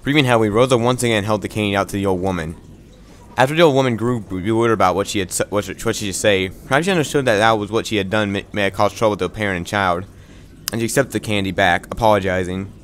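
Low-voiced man reading a game aloud. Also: fast talker, fairly bright tone, slight background noise. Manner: stumbling restarts, wry asides. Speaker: visual novel reader. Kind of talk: reading a visual novel aloud with asides.

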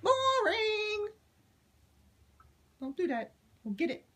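High-pitched woman baby-talking her bird. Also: lively intonation, unhurried, fairly bright tone, husky. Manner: coos and baby-talks to her bird, laughs often. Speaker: pet owner filming her cockatoo. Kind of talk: casual home video chat. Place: living room at home. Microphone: handheld camera.

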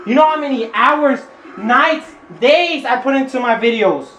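A young man shouting and swearing at someone in a staged family fight. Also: very high voice, a little slow, echoey room. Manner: foul-mouthed, shouting and taunting. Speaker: teen YouTuber in a prank clip.

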